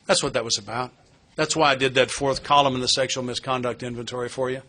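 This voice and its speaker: A middle-aged man tells his own story to a recovery meeting, earnest and plain-spoken, with flashes of wry humor. His voice is strikingly bright and forceful. He speaks at an even, ordinary pitch. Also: quick pace. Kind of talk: candid personal testimony talk. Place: meeting hall.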